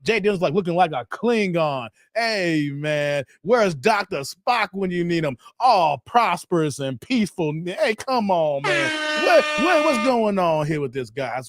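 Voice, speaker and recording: A man hosting a casual live stream, loudly roasting a clip and reading chat with lots of laughs. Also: sits high, no room sound, clean studio sound. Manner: loud joking roasting, laughs often.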